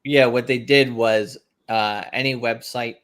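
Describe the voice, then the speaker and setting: A man's voice: medium pitch, fairly even intonation, measured pace, fairly bright tone. A man co-hosting a casual livestream podcast from home, rambling with fillers and easy laughs. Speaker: podcast co-host. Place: house in Japan.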